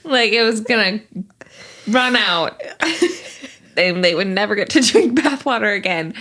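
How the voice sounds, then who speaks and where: A woman's voice: mid-range voice, expressive, unhurried, sharp tone. A woman co-hosting a podcast in casual chat, a mother who recounts her toddler's antics and often acts out his words. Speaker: podcast co-host.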